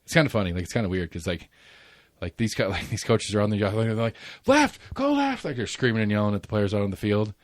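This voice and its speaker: A man's voice: fairly low pitch, steady tone, fast, no room sound. A man in his forties hosting a casual podcast chat, rambling through stories with restarts and laughs. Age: 40s. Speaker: podcast host.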